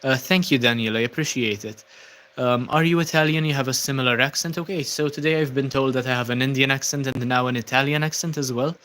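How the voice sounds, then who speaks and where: Hosting a casual stream, this young man from Malta works through viewer comments, fills his speech with ums and uhs, and thanks his audience in a relaxed way. His voice is mid-pitched and his pace quick.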